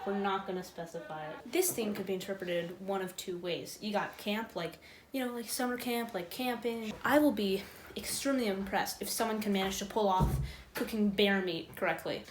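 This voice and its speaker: A woman playing a judge in a mock cooking show, chatty and animated. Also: mid-range voice, normal speed, few pauses, slight background noise. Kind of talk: improvised comedy chat. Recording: echoey room.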